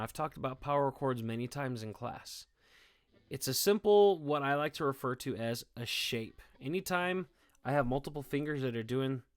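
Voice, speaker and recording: A man's voice: mid-range voice, no room sound. Man teaching guitar, checking in often. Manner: encouraging, checks in with "okay?" and "all right?" often. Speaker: music teacher. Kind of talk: guitar lesson. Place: indoors, playing guitar.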